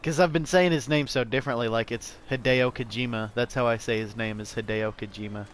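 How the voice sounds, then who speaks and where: A man's voice: mid-range voice, fairly even intonation, fast talker, slight background noise. A young man giving loose, profane commentary while he plays a game, rambling casually and calling his viewers "bro" and "man.". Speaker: gameplay streamer.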